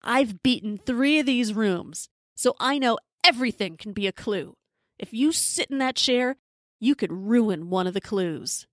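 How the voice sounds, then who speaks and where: A woman's voice: a little high, animated, a little slow, a bit bright, no room sound. A woman voicing a pushy, self-important man who bosses others around at an escape room, in a dry recording. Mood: smug. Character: pushy know-it-all man, bossy escape-room competitor.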